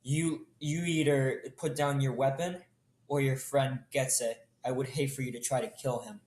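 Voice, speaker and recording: A man doing a slow menacing zombie leader. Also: mid-range voice, steady tone, darkish tone, lightly acted. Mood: threatening. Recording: roomy echo.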